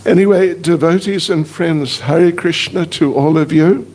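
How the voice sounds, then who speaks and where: An older man, a visiting monk, speaking to a congregation in a slow, teasing, self-deprecating way. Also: fairly high pitch, a little mellow. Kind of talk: casual joking address to a congregation.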